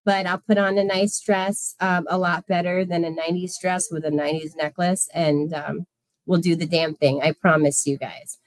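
A woman's voice: fairly low pitch, flat delivery, normal speed, no room sound. A woman in her thirties hosting a casual livestream, effusively thanking viewers by name. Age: 30s. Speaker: livestream host.

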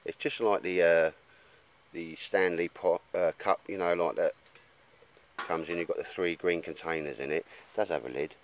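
A man's voice: sits low, steady tone, normal speed, a little hiss or hum. A man vlogging to a handheld camera in the woods, blokey and rambling, calling people mate. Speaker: outdoor gear vlogger. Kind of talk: casual chat to camera in the woods. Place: woodland outdoors.

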